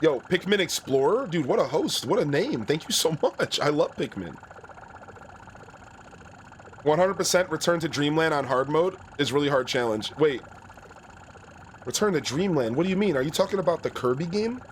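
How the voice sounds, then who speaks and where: A man's voice: fairly high pitch, animated, moderate pace, pauses often, slight background noise. A young man streaming a video game, chatting in a rambling, casual way and greeting viewers. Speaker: gaming streamer. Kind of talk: let's play commentary.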